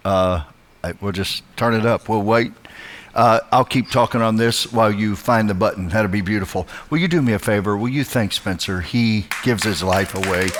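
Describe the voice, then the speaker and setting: Low-voiced middle-aged man preaching. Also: background noise. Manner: warm, chatty, greets people by name. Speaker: guest speaker. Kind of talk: motivational church talk.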